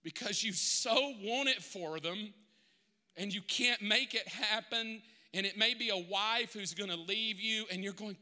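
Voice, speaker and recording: A man's voice: high voice, measured pace, sharp tone, long reverb tail. A middle-aged male pastor preaching a sermon, confessional and emotional, building to impassioned peaks.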